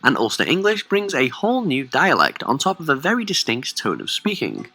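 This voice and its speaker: A man reads a scripted countdown narration, his voice swooping widely up and down. The tone is bright and crisp, measured and smooth throughout. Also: mid-range voice, huge pitch swings.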